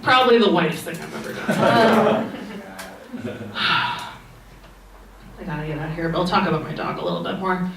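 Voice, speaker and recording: A young woman comedian tells stories in a dry, wry stand-up manner. She is recorded from across an echoing club room, with steady noise in the background. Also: fairly low pitch, moderate pace, gravelly, pauses often. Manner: deadpan, wry storytelling. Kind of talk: stand-up set. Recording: echoey club sound from far off, noisy.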